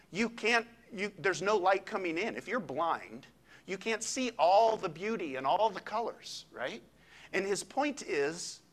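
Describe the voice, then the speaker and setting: A man preaching a sermon with a slightly high voice. He talks conversationally, tossing in quick asides. His pitch leaps and dips as he preaches. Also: a bit bright. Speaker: pastor.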